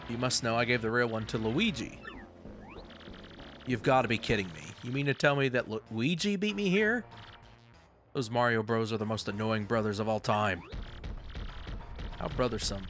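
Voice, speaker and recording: A man voicing a blustering turtle king villain, boastful, gruff and quick to outrage, with faint game music behind. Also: mid-range voice, a bit bright, close to an everyday voice. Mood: indignant.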